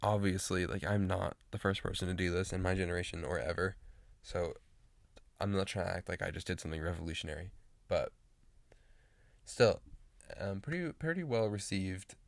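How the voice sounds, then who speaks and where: Brief: late-teen guy, lowish voice, loose rambling vlog chat, dry close sound. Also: moderate pace, creaky, pauses often, no room sound. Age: late teens. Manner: rambling, full of fillers and restarts. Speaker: vlogger. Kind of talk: casual rambling chat to camera.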